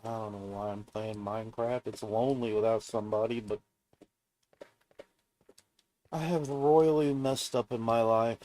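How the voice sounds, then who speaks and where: A man's voice: lowish voice, fairly even intonation, moderate pace, mellow. A man streaming a game alone, narrating casually in a subdued, downbeat mutter to himself. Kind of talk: casual gameplay commentary.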